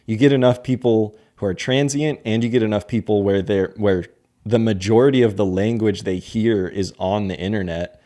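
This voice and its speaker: A man's voice: fairly low pitch, normal speed, warm tone. A man co-hosting a podcast in casual chat, rambling and hedging with lots of filler words. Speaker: podcast co-host.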